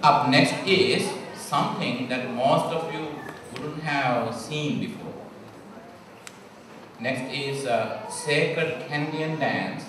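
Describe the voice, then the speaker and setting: A man hosting a temple celebration, introducing acts and explaining them with some fillers. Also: medium pitch. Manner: warm, explanatory, slightly halting with fillers. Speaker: event host. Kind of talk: emcee announcing acts. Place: large hall at a temple celebration. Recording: echoey hall from far off, noisy.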